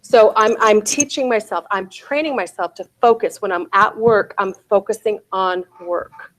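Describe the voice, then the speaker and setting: A woman's voice: medium pitch, normal speed, fairly bright tone. A woman in her forties giving a real estate sales bootcamp talk, often asking her audience "right?" and "okay?".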